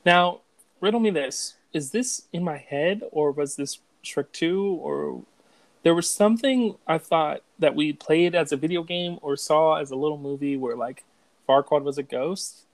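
Young male co-host, gritty fry in the voice, dead dry mic, loose and joking. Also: fairly high pitch, a little slow, no room sound, poor audio. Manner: joking, laughs easily, swears freely. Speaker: podcast co-host. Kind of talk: casual chat.

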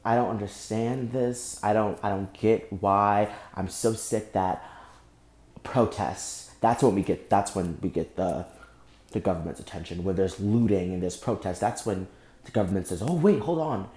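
A young man hosting a solo podcast, speaking angrily and with deep emotion, often breaking off and repeating himself. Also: steady tone, moderate pace, darkish tone, reverberant. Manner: angry, emotional, repeats and restarts. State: emotionally shaken. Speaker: podcast host. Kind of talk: impassioned solo podcast monologue.

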